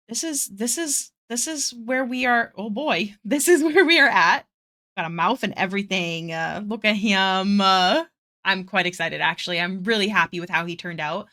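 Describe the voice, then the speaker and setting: A woman's voice: medium pitch, sharp tone. A young woman chatting casually on an art livestream from her apartment, a little out of breath, greeting viewers by name and laughing often. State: a bit out of breath. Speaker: art streamer. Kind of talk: casual livestream chat while drawing. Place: home apartment.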